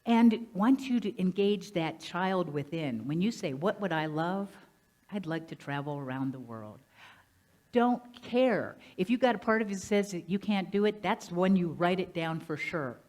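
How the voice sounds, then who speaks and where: A woman minister giving a lively, conversational sermon, often asking the congregation questions. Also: on the low side, moderate pace. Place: church sanctuary.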